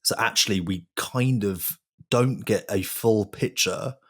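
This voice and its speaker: A man's voice: fairly low pitch, slow pace, a bit bright, breathy edge. A male journalist on a podcast, chatting casually and analysing in detail, with fillers like "you know". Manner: analytical, with fillers like 'you know'.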